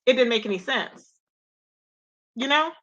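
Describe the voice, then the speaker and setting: Woman host, casual commentary stream, high bright voice, opinionated and chatty with her audience. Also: expressive, unhurried, highs cut off. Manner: chatty, opinionated, addresses viewers as y'all. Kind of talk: casual drama commentary talk.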